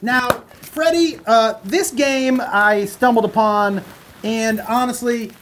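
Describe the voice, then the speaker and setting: A man's voice: extremely high pitch, slow pace, fairly bright tone, a little hiss or hum. A man hosting game night, explaining the rules in casual chat with frequent laughs. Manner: chatty, laughs often, fillers.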